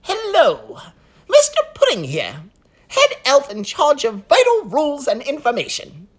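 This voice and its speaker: A fussy, flustered head elf from a children's storybook, put on by a woman reading aloud. The voice sits very high and swoops wildly up and down. He talks slowly and frets over every rule. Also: huge pitch swings, heavily acted. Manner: flustered, keeps saying oh dear.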